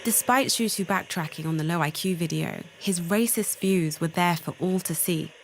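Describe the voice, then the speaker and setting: A woman narrating a documentary in measured, reflective scripted narration. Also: on the low side, gravelly, slight background noise.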